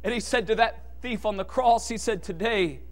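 High-voiced, impassioned male preacher. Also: fairly even intonation, normal speed. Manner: impassioned, swinging from hushed lows to shouted peaks. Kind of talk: sermon.

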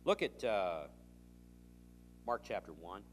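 A man preaching, telling a story with animated dialogue and reading scripture. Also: low-pitched, slow pace, faint music behind. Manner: animated storytelling, acting out both sides of a dialogue. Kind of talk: sermon with anecdotes.

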